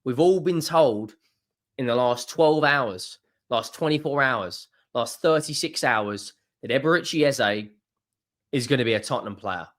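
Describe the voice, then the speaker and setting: A man's voice: expressive, unhurried. Ranting football fan man. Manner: swears often, swings from low muttering to loud exasperated outbursts.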